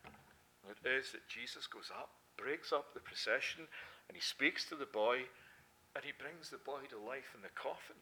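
A man preaching a sermon with a lilt, swinging between loud, fervent emphasis and soft, hushed passages. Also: mid-range voice, moderate pace, a little hiss or hum. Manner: impassioned, rising to loud emphasis then dropping to soft quiet.

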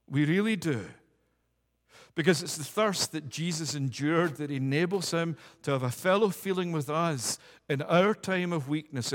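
A man preaching a sermon, emphatic and building repeated declarations with rising force. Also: a little high. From United Kingdom. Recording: long hall reverb.

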